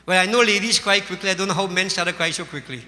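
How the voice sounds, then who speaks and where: A Hindu religious teacher with a Caribbean English accent gives a sermon in a high, bright, forceful voice, talking fast. He tells a folksy story and addresses his listeners as devotees, with long hall reverb on the recording.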